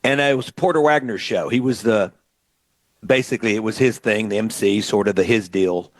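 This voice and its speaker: A middle-aged man from Mississippi who hosts a radio show, telling stories in a lively way and acting out what people said. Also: lowish voice, normal speed, no echo. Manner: animated storyteller, acts out quotes. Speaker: radio host and musician. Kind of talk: storytelling radio chat.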